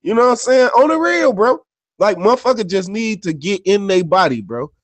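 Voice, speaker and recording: Slangy, profane man with a higher voice. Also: expressive, fairly quick, dry recording. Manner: slangy and profane, with constant filler tags; loose, conversational storyteller. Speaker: podcast co-host. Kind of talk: casual unscripted chat and storytelling.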